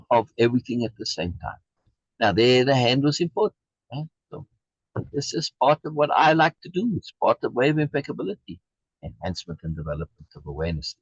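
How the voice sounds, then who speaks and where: A man's voice: medium pitch, slightly rough, dry recording. A man leading a program, reading a text aloud and commenting on it emphatically, repeating key phrases, over a video call. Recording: dull lo-fi video call audio.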